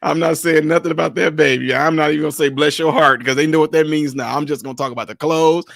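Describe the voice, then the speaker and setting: Male host, high-pitched and dry, loose laughing storyteller for a casual chat. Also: fairly even intonation, fast talker, gravelly, fairly bright tone, no room sound.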